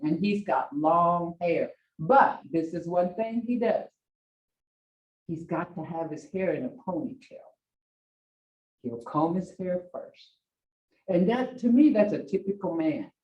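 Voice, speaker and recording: A woman's voice: fairly low pitch, dark tone. An older woman teaching a language class, telling chatty stories and acting out the bossy commands she gives at home. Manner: chatty storytelling, laughs often, acts out bossy commands. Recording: distant, echoey, dull classroom audio.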